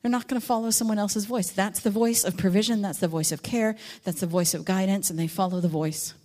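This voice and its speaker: A woman giving a teaching talk on a psalm, telling stories with acted-out voices and slowing down reflectively on key lines. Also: mid-range voice. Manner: animated storytelling, acts out quotes and sheep with sudden loud voices; reflective, slows and softens on key verses. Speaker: Bible teacher.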